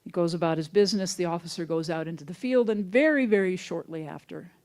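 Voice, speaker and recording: Minister type, relaxed sermon delivery, homespun storyteller. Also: medium pitch, fast. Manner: conversational, folksy storytelling. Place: church sanctuary, also streamed online.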